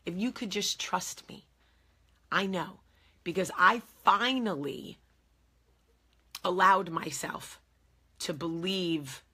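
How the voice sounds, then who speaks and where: Forceful, husky-voiced woman in her forties. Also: on the low side, slow, pauses often. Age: 40s. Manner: earnest and emphatic, repeating key phrases. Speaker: vlogger speaking to her viewers. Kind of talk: heartfelt casual talk to camera.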